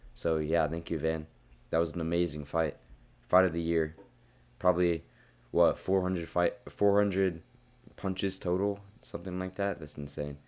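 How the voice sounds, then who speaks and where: Deep-voiced young man ranting about fights. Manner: blunt, profane, worked-up rants. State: losing his voice. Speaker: fight reviewer. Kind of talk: casual fight recap.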